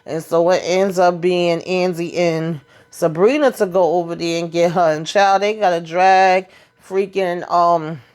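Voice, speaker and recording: A woman's voice: lowish voice, fairly even intonation, unhurried, darkish tone, clear, resonant tone. Chatty woman recapping a TV episode. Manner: chatty, slangy storyteller. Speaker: TV recap vlogger.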